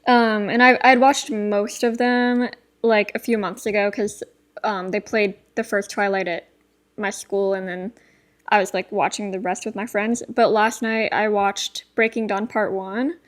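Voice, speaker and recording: A woman's voice: medium pitch, little pitch movement, unhurried. A young woman co-hosting a podcast in casual chat, giggly and rambling with lots of filler words. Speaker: podcast co-host.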